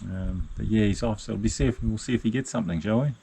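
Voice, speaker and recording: An older man from New talks in a low, easygoing voice. He rambles casually to an action camera as he hikes, filling pauses with plenty of ums and uhs. His tone is relaxed and unhurried. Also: gravelly, a little hiss or hum. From New Zealand. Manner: relaxed, rambling, many fillers. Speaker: solo hiker vlogger. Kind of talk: casual outdoor vlog narration. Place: backcountry hut and deck outdoors.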